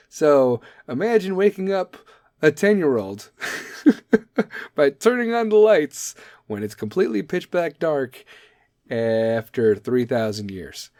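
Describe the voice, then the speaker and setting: A man's voice: on the high side, a little mellow, no room sound, clean studio sound. A man hosting a podcast, reading history dates and riffing on them with profane, sarcastic comedy. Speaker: podcast host. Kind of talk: casual comedic commentary.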